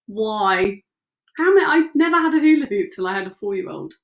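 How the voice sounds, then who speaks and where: A woman's voice: mid-range voice, animated, brisk, highs cut off. Giggly teasing woman in echoey room. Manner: giggly, teasing, laughs often. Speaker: co-host. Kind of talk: casual Q&A chat.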